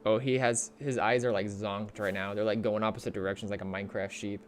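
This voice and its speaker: A man chatting casually on a live gaming stream, easily excited and cooing at his cat. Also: lowish voice, fast, a little hiss or hum.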